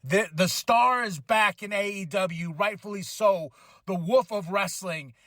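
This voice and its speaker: A fired-up man hosts his podcast, with a fairly high voice that jumps into excited shouts. The recording is close and completely dry. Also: unhurried, no room sound. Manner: enthusiastic, animated, shouts in excitement. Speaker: podcast host. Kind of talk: excited wrestling recap.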